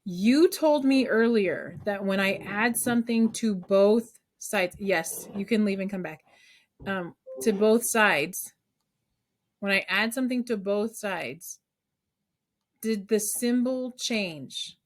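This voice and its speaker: A woman's voice: mid-range voice, takes it slowly. A woman math teacher leading an online class over a video call, coaxing students with call-and-response questions.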